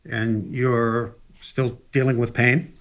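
A man interviewing a guest, calmly prompting and summing up the guest's story. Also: medium pitch, slow pace. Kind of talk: interview questions.

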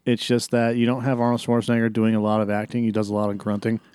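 A man's voice: on the low side, monotone, fast talker, a little mellow, clean tone, no room sound, clean studio sound. Rambling, profane male podcast host. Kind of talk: casual podcast film review.

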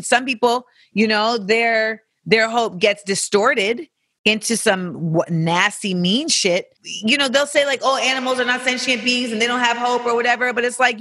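A podcast host giving casual advice in an animated way, with profanity and joking asides. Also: mid-range voice, no echo. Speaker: podcast host answering listener questions.

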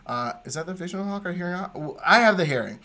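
A man co-hosting a podcast, telling a story in a lively, digressive way and often laughing. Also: sits high, fast talker. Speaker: podcast co-host. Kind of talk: casual chat, storytelling.

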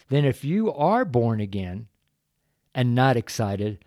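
Older male preacher, earnest folksy delivery, dark warm tone. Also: medium pitch, lively intonation, slow pace, no echo, clean studio sound. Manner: earnest, folksy, breaks into chuckles, gets choked up. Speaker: street preacher. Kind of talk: evangelistic sermon.

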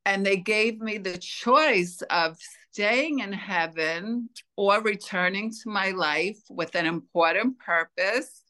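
A woman being interviewed tells her story at a slow, deliberate pace. Her voice is bright and forward, with a mid-range pitch. She comes across as earnest and unhurried. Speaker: interview guest. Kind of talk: telling a personal story in an interview.

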